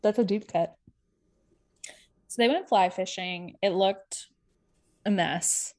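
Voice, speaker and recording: A woman co-hosting a podcast in casual gossiping chat, throwing in quick asides and the odd swear word. Her voice sits at an ordinary middle pitch and her delivery is loose and conversational. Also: darkish tone. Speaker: podcast co-host. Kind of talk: casual chat recapping a reality show.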